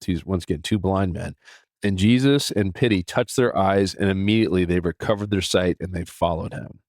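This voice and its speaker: Middle-aged male podcast host, deep voice, dry close sound, earnest casual chat with restarts. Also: a little fast, dry recording. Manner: earnest, animated, many restarts and fillers. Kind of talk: casual devotional talk.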